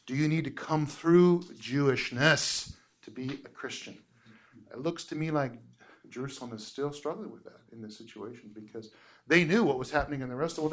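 A man teaching a casual Bible lesson, telling the story with lively quoted voices and frequent laughs. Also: mid-range voice. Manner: animated storytelling, acts out quotes, laughs often.

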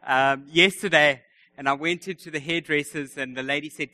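A man's voice: fairly high pitch, moderate pace, pushed and bright. A man preaching a sermon to a congregation, chatty and joking as he tells stories. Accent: non-local, names misheard.

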